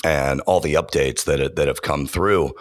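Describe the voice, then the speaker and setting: Very deep-voiced man in a dry booth. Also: measured pace, dry recording. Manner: relaxed, thoughtful, with frequent fillers and restarts. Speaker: podcast producer and audio engineer. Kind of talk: interview answer.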